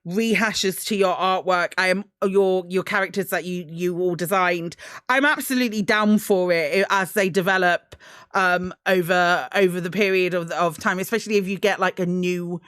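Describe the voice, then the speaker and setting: A woman's voice: fairly low pitch, steady tone, normal speed, fairly bright tone, smooth, dry recording, clean studio sound. Rambling woman hosting. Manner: rambling, many restarts and ums. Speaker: host. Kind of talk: casual chat.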